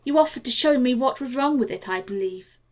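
A woman's voice: sits high, animated, fairly quick. A woman reading the part of a cocky young naval lieutenant, teasing and offhand.

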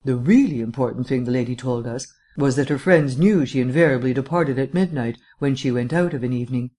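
A man voicing a languid, foppish gentleman detective with a drawling, affected upper-class wit. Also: mid-range voice, fairly quick, natural voice. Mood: airy drawl.

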